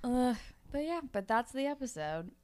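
A woman's voice: moderate pace, clean tone. A young woman co-hosting a casual podcast chat, recapping a TV episode and acting out the characters' lines with big jumps in her voice. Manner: animated, acts out quotes with big pitch jumps. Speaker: podcast co-host.

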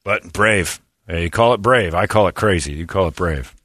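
A man's voice: low voice, moderate pace, fairly bright tone, husky, dry recording, clean studio sound. A man hosting a morning radio show, wisecracking and laughing often as he jokes with his co-hosts. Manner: wisecracking, laughs often, slips into mock voices. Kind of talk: joking morning radio banter. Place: radio studio. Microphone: studio microphone.

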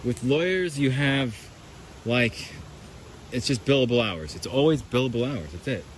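Recorded outdoors beside a creek, this podcast host rambles and swears freely through a loose, self-mocking monologue. His voice is medium-pitched and expressive at a normal speed, though the recording is low quality with slight background noise.

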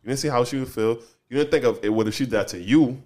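A man's voice: medium pitch, fast, darkish tone. A man in casual group chat, talking in slang and acting out the voices of the people he quotes.

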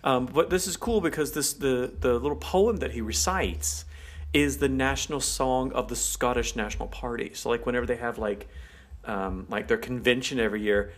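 A man co-hosts a relaxed conversation. He explains things in a chatty, meandering way, leaning on fillers like "like" and "um.". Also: mid-range voice. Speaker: co-host. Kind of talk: casual chat explaining culture.

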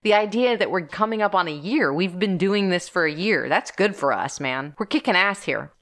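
A woman's voice: on the low side, normal speed. A woman co-hosting a casual podcast. She talks with passion and tells stories freely. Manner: passionate, animated storyteller. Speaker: podcast co-host.

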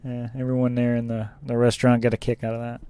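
A man's voice: medium pitch, completely flat delivery, fast, mellow, smooth, no room sound. A man who drives a truck, chatting casually and rambling about his day on the road. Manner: rambling, laughs at own story. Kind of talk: casual chat.

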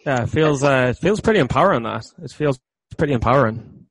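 Gravelly, frank male podcast guest. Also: medium pitch, expressive, quick pace, no room sound. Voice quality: frank, repeats his phrases. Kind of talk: casual chat.

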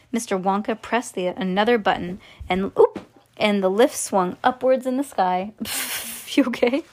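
A woman's voice: medium pitch, a little slow, darkish tone. A woman reading a children's book aloud at home, playful and chatty, with asides between passages. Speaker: storybook reader. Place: home, on a bed.

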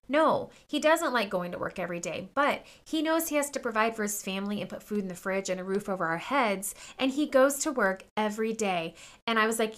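A woman's voice: fairly high pitch, animated, a little fast, fairly bright tone. A woman in her thirties hosting a podcast, telling a personal story in a chatty way, full of fillers and quoted dialogue. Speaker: podcast host. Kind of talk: casual personal talk to listeners.

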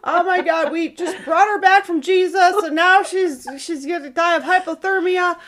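Her voice sits extremely high, and she keeps a moderate pace. As a podcast co-host in relaxed conversation, she narrates a story animatedly, voicing what each person said.

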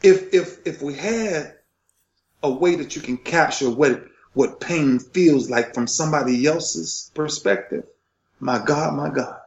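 A man's voice: fairly high pitch, unhurried, echoey room, highs cut off, a little hiss or hum. A middle-aged man, a retired football player, telling an emotional story in a passionate, preacher-like rhythm.

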